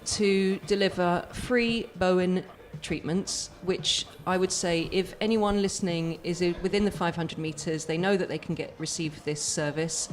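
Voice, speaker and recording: A woman with a croaky voice, a guest on a radio show, explaining her work in an earnest, rambling way with many fillers. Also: on the low side, fairly even intonation, moderate pace, hardly any pauses, slight background noise. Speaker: guest, therapist. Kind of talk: casual radio interview.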